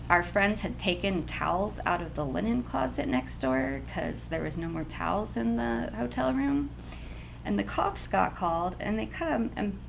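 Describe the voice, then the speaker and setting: A woman tells a personal story in a casual, blunt way, getting animated as she goes. Her voice has a gravelly fry to it, with a faint noise in the background. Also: mid-range voice, low-quality recording.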